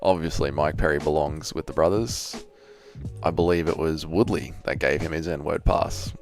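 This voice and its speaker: A man's voice: a bass voice, steady tone, normal speed, darkish tone, soft background music. A man from Australia with an Australian accent, hosting a casual livestream, chatting crudely and reading out his chat with lots of swearing. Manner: crude, profane banter, reads out chat. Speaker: streamer.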